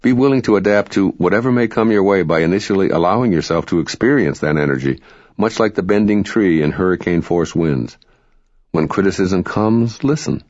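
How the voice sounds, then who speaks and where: A man reading spiritual self-help narration in a calm, measured, instructive way. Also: sits low, no room sound. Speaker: audiobook narrator. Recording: dry, dull lo-fi recording.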